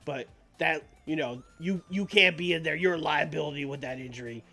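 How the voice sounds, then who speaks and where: A man's voice: fairly high pitch, fairly quick, gravelly, bright, forceful tone, faint music behind, pitched above the performer's own voice, heavily acted. A man voicing a blunt, seasoned male wrestler firmly talking a friend down. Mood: persuasive.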